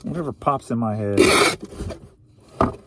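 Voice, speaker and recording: Against a very noisy background, a St. Louis-area man speaks in a mid-range voice at an unhurried pace. He's an online reseller casually rambling through his latest eBay sales, goofing around with jokey asides.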